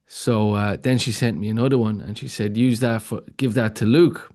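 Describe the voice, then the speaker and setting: A rambling, chatty man in his late thirties, hosting a podcast. His voice sits fairly low, and he tells his story loosely, stumbling through fillers and restarts. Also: fairly even intonation, a little fast, hardly any pauses, darkish tone. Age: 30s. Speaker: podcast host. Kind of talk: casual podcast chat.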